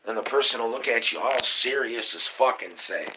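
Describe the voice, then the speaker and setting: A man's voice: on the low side, fairly quick, hardly any pauses. Profane man ranting on a livestream. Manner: profane, excitable, conspiratorial, addresses viewers as y'all. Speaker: livestream host. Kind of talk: casual live-stream rant. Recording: noisy live-stream audio.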